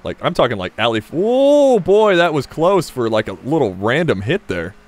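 A man with a slight Southern US accent giving rambling, self-mocking commentary while playing a game, breaking into sudden excited yelps. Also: medium pitch, brisk. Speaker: gaming YouTuber. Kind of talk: casual gameplay commentary.

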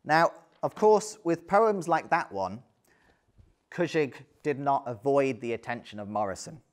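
A man's voice: medium pitch, expressive, measured pace. A man giving an illustrated history talk, conversational, with frequent ums and dry little asides. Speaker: lecturer.

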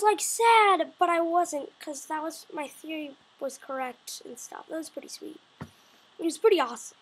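This is a woman with a notably high voice giving a casual spoiler review straight to her viewers. She talks in an excitable, rambling way, stumbling through restarts and quick self-corrections as her thoughts run ahead of her. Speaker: video reviewer.

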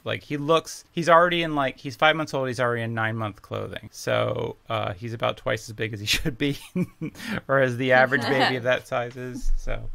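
A man's voice: medium pitch, fairly even intonation, normal speed, gravelly, a bit bright. An American man co-hosting a comedy podcast, joking in casual chat and laughing often. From United States. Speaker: podcast co-host.

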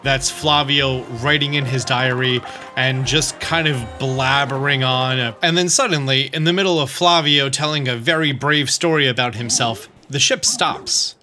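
Bright-voiced casual gaming host. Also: male voice, medium pitch, steady tone, normal speed, soft background music. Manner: casual, chatty, explaining as he plays. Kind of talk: let's play commentary.

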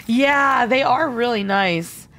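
A woman's voice: fairly high pitch, slow pace, a bit bright. A woman streaming a game live, chatty and giggly, thinking aloud and answering viewer chat. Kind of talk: live gameplay commentary.

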